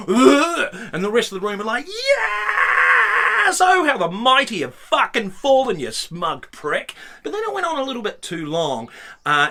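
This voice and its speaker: A man telling a stand-up story with animated swings between loud outbursts and low mutters. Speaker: stand-up comedian.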